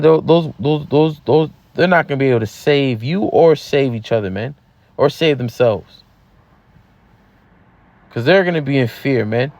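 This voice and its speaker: A man's voice: mid-range voice, darkish tone, no echo. Casual preacher man, dull lo-fi sound. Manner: casual, repeats words and says "man" often. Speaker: camp teacher. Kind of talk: street-style Bible teaching.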